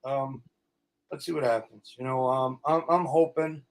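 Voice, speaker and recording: A middle-aged man, an actor guest telling stories in a casual interview, blunt and animated. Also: medium pitch, normal speed, gravelly.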